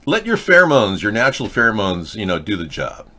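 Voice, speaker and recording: Male live-chat host; low, forceful voice; talks down to the audience and argues with them. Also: huge pitch swings, a little fast. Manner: blunt, lecturing, argumentative. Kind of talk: live video chat commentary, answering viewer comments.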